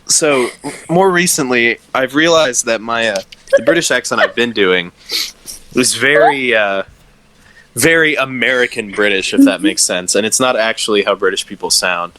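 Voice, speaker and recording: A man's voice: medium pitch, normal speed, bright, forceful tone, low-quality recording. A young man co-hosting a podcast in a casual, joking chat, laughing often. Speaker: podcast co-host.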